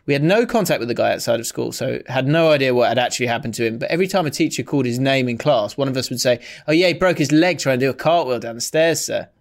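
A young man hosting a podcast, reading out listener comments with frequent laughs and a slowed, playful reading voice. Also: medium pitch, lively intonation, gravelly. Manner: laughs often, reads comments in a slowed, exaggerated voice. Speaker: podcast host.

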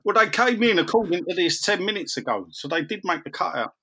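Guy on a podcast, bit higher voice, reads out fan msgs. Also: expressive, quick pace, a bit bright, breathy edge. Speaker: podcast co-host. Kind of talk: casual chat, reading listener messages.

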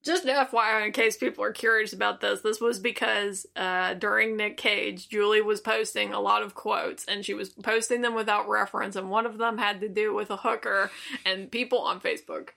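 A young woman co-hosting a casual podcast, musing in relaxed, rambling asides. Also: medium pitch, normal speed, creaky. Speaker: podcast co-host. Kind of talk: casual chat.

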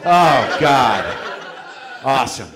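A man's voice: medium pitch, expressive, slow, background noise. A man hosting a podcast on stage, rambling through profane, self-deprecating comic stories. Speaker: podcast host. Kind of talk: casual comedic chat. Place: live stage show. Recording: live audience audible. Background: audience.

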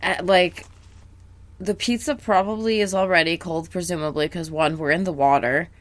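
A woman's voice: lowish voice, steady tone, moderate pace. A woman co-hosting a casual podcast, rambling and laughing, with lots of "like" in her talk. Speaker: podcast co-host. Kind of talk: casual chat.

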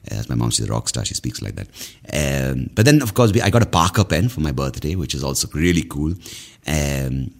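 A man's voice: very deep voice, expressive, a little fast, vocal fry. A man from India in his thirties, hosting a podcast as a casual, rambling monologue, swearing freely and mocking himself. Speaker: podcast host.

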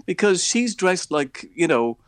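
A man's voice: high voice, very animated, unhurried, a bit bright, smooth, dry recording. A man, a radio movie reviewer, chatting in a scathing, opinionated way with many fillers. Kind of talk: casual radio chat.

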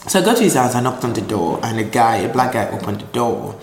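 A man from Nigeria telling his life story in an interview, animated and acting out voices in the quotes. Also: medium pitch, quick pace, slight background noise. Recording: roomy echo with faint ambience.

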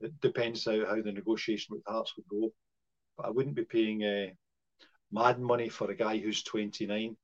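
A man's voice: lowish voice, little pitch movement, moderate pace. A man, co-hosting a casual football podcast, hesitant and full of fillers and restarts. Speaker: podcast co-host. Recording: muffled lo-fi audio.

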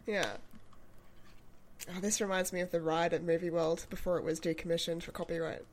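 A woman's voice: lowish voice, flat delivery, a little fast, darkish tone, a little hiss or hum. A woman co-hosting a casual watch-along chat, giggly and playful, laughing often. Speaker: podcast co-host.

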